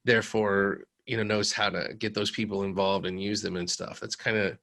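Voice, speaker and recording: Low, bright-toned casual male co-host. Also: little pitch movement, normal speed, vocal fry. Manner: rambling, with many fillers and trailing restarts; laughs often while talking. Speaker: podcast co-host. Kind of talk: casual chat.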